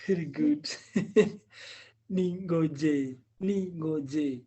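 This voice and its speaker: A man's voice: fairly high pitch, extremely slow, dark tone. A man teaching Swahili, patiently drilling each word many times and chuckling often. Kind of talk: language lesson drilling.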